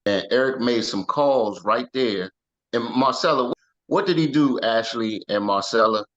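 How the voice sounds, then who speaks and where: A man's voice: medium pitch, measured pace, a bit bright. Male co-host, mid voice, chatty team meeting, lo-fi recording. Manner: chatty, jumps in with praise and laughter. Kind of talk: casual team meeting talk.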